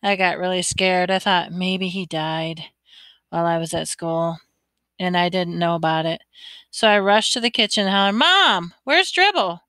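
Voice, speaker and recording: A woman reading a children's storybook aloud in first person, expressive and lively. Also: on the low side, moderate pace, clear, resonant tone, dry recording. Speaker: audiobook reader.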